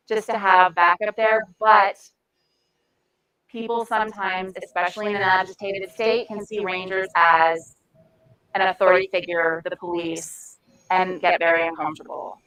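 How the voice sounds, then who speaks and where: A woman's voice: medium pitch, clear, resonant tone, rough recording. Frank, chatty woman trainer. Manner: frank, animated, chatty with asides and laughs. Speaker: volunteer trainer. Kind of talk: informal training talk.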